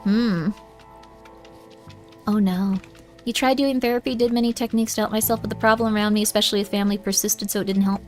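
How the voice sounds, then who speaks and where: A woman's voice: medium pitch, steady tone, fast, long pauses, soft background music. A young woman streaming a game, giving viewers motherly advice in a put-on southern drawl and calling them honey. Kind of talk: casual livestream chat.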